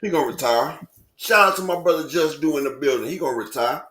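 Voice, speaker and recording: A man's voice: fairly high pitch, lively intonation. This is a man co-hosting a casual online boxing show, speaking. He keeps it loose and playful, with a slightly raised voice, cracking jokes and calling out supporters as they chip in. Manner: playful, jokey, does quick impressions and shout-outs. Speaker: co-host. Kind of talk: casual live-stream chat.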